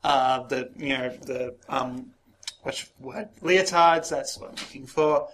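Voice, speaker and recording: A man's voice: mid-range voice, slow pace, fairly bright tone. A man co-hosting a podcast, playful and teasing in casual chat. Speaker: podcast co-host.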